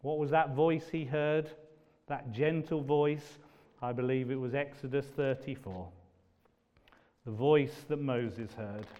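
A man preaching a sermon, moving from loud, ringing declarations to hushed, almost whispered lines. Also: medium pitch, steady tone. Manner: slow and dramatic, swings from loud declaiming to hushed near-whispers. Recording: dull audio with long hall reverb.

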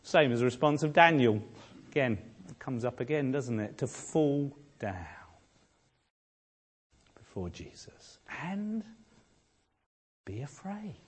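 A man preaching a sermon, moving between quiet, hushed reflection and rousing, shouted exhortation. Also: medium pitch, lively intonation, slow, pauses often, husky. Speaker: pastor. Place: church.

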